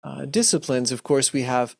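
A man giving a gentle, earnest talk to a Christian audience, often restarting his sentences and acting out short examples. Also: mid-range voice, fairly even intonation, moderate pace, creaky, husky, dry recording, clean studio sound. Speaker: speaker giving a Lenten talk.

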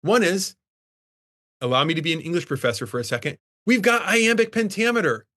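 Male English professor with a slightly high voice, enthusiastic classroom lecturer. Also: expressive, brisk, a bit bright. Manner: enthusiastic, emphatic about the poetry.

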